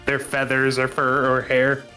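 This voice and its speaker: A man's voice: mid-range voice, completely flat delivery, measured pace, sharp tone, faint music behind. A man co-hosting a casual gaming chat, eager to riff on ideas and share odd facts. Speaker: co-host of a gaming podcast. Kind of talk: casual group chat while playing a game.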